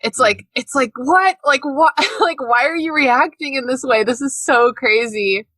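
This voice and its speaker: A woman co-hosting a podcast in casual chat, animated, laughing often and swearing freely. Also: sits high, moderate pace, no echo. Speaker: podcast co-host.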